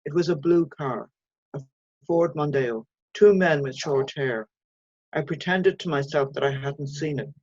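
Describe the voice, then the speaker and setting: A woman, an author reading her own short story aloud in a measured, even way. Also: deep voice, no echo, muffled recording.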